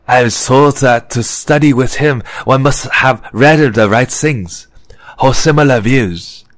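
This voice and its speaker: A man's voice: medium pitch, a little slow, no room sound, pitched above the performer's own voice, close to an everyday voice. A man voicing a fussy, gossipy middle-aged male French professor in an audiobook, precise and slightly sarcastic. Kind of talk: audiobook character reading.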